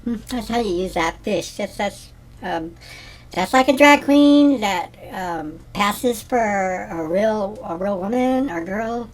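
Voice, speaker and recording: Man doing a ditzy middle-aged woman, rambling, giggly, slow-talking, comedy sketch. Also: high-pitched, animated. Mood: airy rambling. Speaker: comedy character host. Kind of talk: scripted character comedy monologue.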